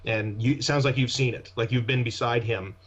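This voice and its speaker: A man at a mid-range pitch chats casually as a podcast guest, spinning one long anecdote into the next. His voice comes through dull and lo-fi, with the top end rolled off. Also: steady tone, brisk. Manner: rambling, anecdotal storytelling. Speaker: actor and guest. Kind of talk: casual conversation. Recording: dull lo-fi sound.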